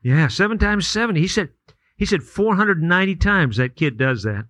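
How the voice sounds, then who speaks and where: A man delivers a sermon, winding through homespun hypothetical stories and repeating himself for emphasis. His voice is very bright and sits slightly high for a man. The sound is dry and close, with no room around it. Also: big pitch swings, moderate pace, no room sound. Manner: storytelling with hypotheticals, folksy and repetitive. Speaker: pastor.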